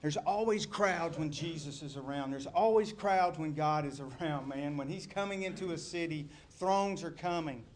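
A middle-aged man preaches a sermon, his voice sitting a little high for a man. He swings from loud, shouted lines down to hushed, almost whispered ones as he leads the congregation. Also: moderate pace, few pauses, a little hiss or hum. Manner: animated preaching, shouting quoted crowds, dropping to near-whispers. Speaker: pastor.

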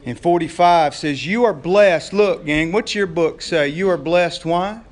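A man's voice: fairly high pitch, unhurried. A male pastor preaching a sermon in a folksy, conversational way and joking with his congregation.

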